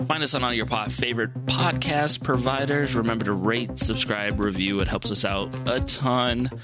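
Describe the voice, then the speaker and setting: A man hosting a casual podcast, chatting loosely and introducing the episode. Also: medium pitch. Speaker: podcast co-host.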